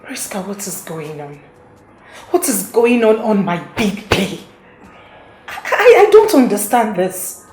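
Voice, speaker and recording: An actress playing a panicking young Nigerian bride who sounds agitated and insistent. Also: female voice, mid-range voice, wildly swooping pitch, extremely slow, long pauses, darkish tone, slight background noise, exaggerated voice. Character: panicking young bride on her wedding day. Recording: echoey room.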